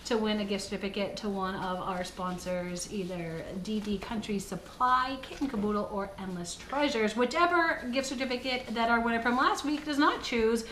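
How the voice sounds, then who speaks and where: A woman's voice: medium pitch, normal speed, few pauses, fairly bright tone. A woman co-hosting a podcast in casual chat, playful and giggly, with many fillers. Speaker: podcast co-host. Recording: roomy echo, faint hiss.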